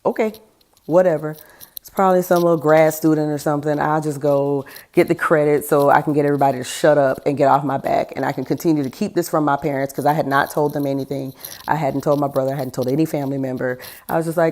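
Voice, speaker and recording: A woman with a notably low, deep voice hosts a podcast and tells her own story plainly and openly. She talks in a frank, conversational way and laughs now and then even through the heavy moments. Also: a little fast. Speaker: podcast host. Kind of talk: candid personal storytelling.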